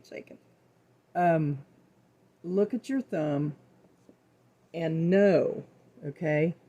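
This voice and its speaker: A woman's voice: sits low, gravelly, dark tone, husky. A middle-aged woman hosting a home cooking show, talking earnestly and folksily to her viewers about faith and repeating words for emphasis. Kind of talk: casual faith-filled talk to viewers.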